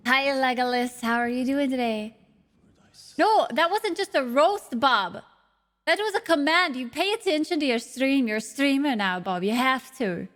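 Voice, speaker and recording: A woman's voice: high-pitched, expressive, measured pace, fairly bright tone. A woman streaming live, chatting with her viewers in a playful way, swearing freely and laughing often.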